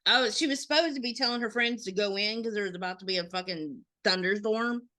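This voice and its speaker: A woman's voice: mid-range voice, quick pace, pushed and bright. A woman in her thirties co-hosting a podcast, telling a story animatedly, acting out the quotes and swearing freely. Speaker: podcast co-host. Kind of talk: casual storytelling chat.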